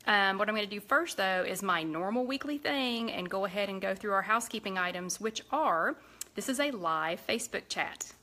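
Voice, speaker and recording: A woman's voice: mid-range voice, lively intonation, normal speed, sharp tone. A woman with a Southern US accent hosting a live cooking chat, rambling casually as she cooks in a home kitchen. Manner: chatty and rambling, talks while cooking. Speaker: cooking show host.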